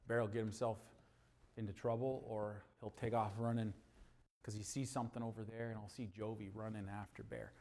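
Preacher swinging between loud and hushed. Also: male voice. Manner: swings between loud emphatic preaching and quiet low delivery; tells homely stories about his dog and family. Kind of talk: sermon.

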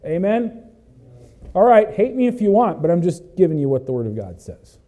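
A male pastor preaching a sermon emphatically, swinging between loud exhortation and hushed asides, and calling out "Amen?" to the congregation. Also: high voice, sing-song, moderate pace.

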